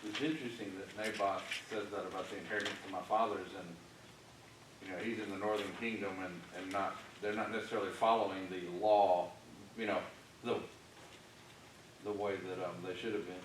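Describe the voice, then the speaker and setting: Low-voiced man chiming in from afar. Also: fairly even intonation, fairly quick. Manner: casual, hedging with fillers. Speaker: class participant. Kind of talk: class discussion comment. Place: church classroom. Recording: very echoey room, far from mic, noticeable noise.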